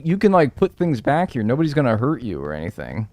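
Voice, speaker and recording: Animated man rambling through gameplay commentary. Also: mid-range voice, fast talker, hardly any pauses, dry recording. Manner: animated, rambling, swears, heavy use of "like". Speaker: streamer. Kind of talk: casual livestream gameplay commentary.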